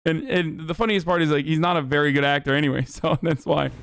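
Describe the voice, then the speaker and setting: A man's voice: a little high, fairly even intonation, fast, gravelly, fairly bright tone, no room sound, clean studio sound. A man hosting a live stream, talking casually, heated and incredulous, and swearing a lot. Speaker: streamer host.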